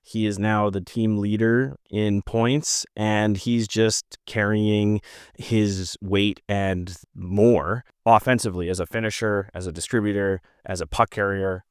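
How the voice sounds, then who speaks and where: Man, casual sports podcast co-host, animated and jokey, smooth clear voice, dry close sound. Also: lowish voice, measured pace, no room sound. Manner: animated, jokey, talks in long runs.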